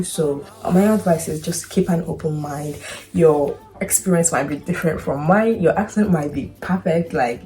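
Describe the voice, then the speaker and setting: A woman's voice: lowish voice, warm tone. A woman from Nigeria, a nurse, telling a personal story and giving advice in an earnest, chatty way full of "you know" and repeats. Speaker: international nurse, vlogger.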